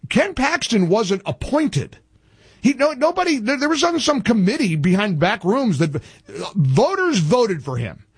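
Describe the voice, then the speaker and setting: A man hosting talk radio, ranting in an animated, rapid-fire way with frequent restarts. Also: extremely high pitch, husky, dry recording. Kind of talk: opinionated talk radio banter.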